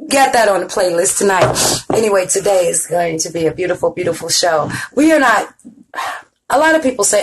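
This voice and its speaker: A woman's voice: fairly low pitch, wildly swooping pitch, moderate pace, a bit bright, slight background noise, poor audio. A middle-aged woman hosting an online show in casual chat, greeting viewers by name and laughing often. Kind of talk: casual live-stream chat.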